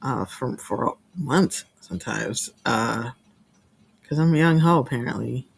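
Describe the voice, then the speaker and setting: A woman's voice: extremely low pitch, unhurried, gravelly, breathy edge. A woman co-hosting a podcast in casual chat, teasing her co-host and laughing often.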